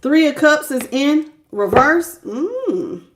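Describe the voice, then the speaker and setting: This tarot reader's high, bright voice comes across as very animated yet slow-paced over a noisy background. Running a live-stream reading, she talks in a folksy, casual manner, greeting viewers individually by name and laughing frequently between pulls of the cards.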